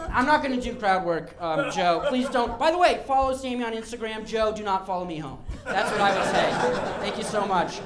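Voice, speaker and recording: Giggly nervous man doing stand-up. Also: high-pitched. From Denver, Colorado, USA. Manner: nervous, giggly, self-mocking delivery. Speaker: stand-up comedian. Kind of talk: live stand-up set. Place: comedy club stage before a live audience. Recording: echoey club with loud crowd laughter.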